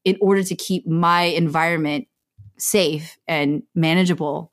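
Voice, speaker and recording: A woman in her thirties chats on a podcast in a thoughtful, rambling way, full of "like" and "you know." Her voice sits a little low. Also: steady tone, a little slow. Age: 30s. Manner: reflective, chatty, lots of "like". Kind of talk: casual podcast chat.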